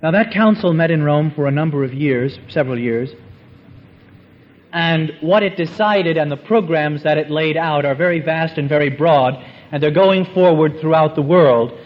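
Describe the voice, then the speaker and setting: A man with a slightly raised voice delivers a formal church address, earnest and measured, setting out each point in short phrases. The recording is muffled, with a lo-fi dullness. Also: fairly high pitch. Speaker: Catholic speaker. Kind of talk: formal talk on church renewal.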